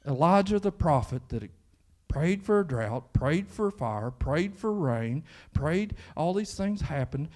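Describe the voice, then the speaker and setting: A man's voice: fairly high pitch, animated, slow, darkish tone. A man with a Kentucky accent, preaching a sermon in church in a conversational style that rises into fervent emphasis. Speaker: pastor.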